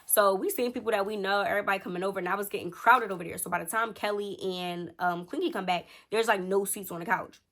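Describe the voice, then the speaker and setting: A woman in her thirties telling a story in casual chat, talking straight to her viewers and animated in the retelling. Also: medium pitch, fast, hardly any pauses. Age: 30s. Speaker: storytelling vlogger.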